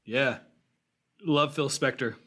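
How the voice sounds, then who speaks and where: A man in easy podcast conversation, voice at a middle pitch. He rambles enthusiastically, backtracks and corrects himself mid-thought. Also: slow, sharp tone. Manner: rambling, self-correcting, enthusiastic about film scores. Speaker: podcast co-host. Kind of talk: casual chat.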